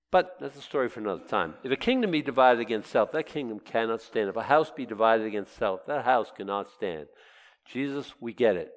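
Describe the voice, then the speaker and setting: A man's voice: mid-range voice, a bit bright. A man preaching a sermon in a conversational, emphatic way, full of rhetorical questions. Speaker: pastor. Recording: long hall reverb.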